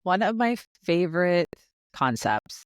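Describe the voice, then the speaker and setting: A woman's voice: lowish voice, very animated, unhurried, no room sound, clean studio sound. A woman hosting a podcast interview over a remote call, upbeat and chatty, often checking in with "right?". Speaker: podcast host. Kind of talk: casual interview chat.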